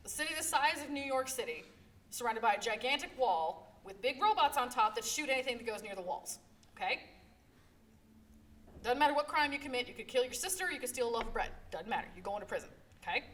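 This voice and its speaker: Woman, librarian host, animated storyteller, higher voice, picked up from a distance in a panel room with faint background noise. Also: fast. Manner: animated, emphatic storytelling, repeated "okay?" check-ins. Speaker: librarian presenting a manga panel. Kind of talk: live convention panel talk. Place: convention panel room, live before an audience.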